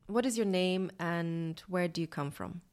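Calm woman interviewer. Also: fairly low pitch, a little slow. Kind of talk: interview questions.

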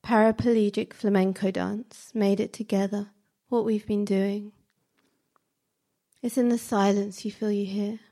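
A woman reciting spoken word poetry in slow, measured, fragmented phrases. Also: medium pitch, little pitch movement, mellow.

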